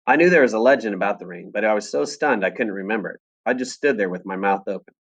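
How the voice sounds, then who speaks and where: In a classroom, a man reads a first-person novel aloud to a class, telling the story expressively with lively character voices. His voice is lowish and his pace quick.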